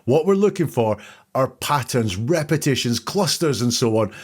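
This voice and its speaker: A man's voice: mid-range voice, lively intonation. Man hosting an analytical podcast. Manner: measured, thinking aloud. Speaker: podcast host analyzing testimony. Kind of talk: analytical commentary.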